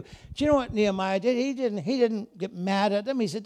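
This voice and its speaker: High-voiced preacher who shouts and whispers. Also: male voice, a little fast, hardly any pauses. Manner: dramatic, swings between shouting and quiet asides; acts out characters in voices. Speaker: guest preacher. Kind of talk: Pentecostal-style sermon. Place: church service.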